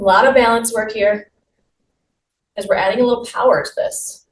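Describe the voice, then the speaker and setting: A fitness instructor leads a guided exercise class, offering upbeat, encouraging cues as she moves along. Her voice sits a little high and her pace is moderate. The recording sounds roomy, captured on a distant mic with faint noise.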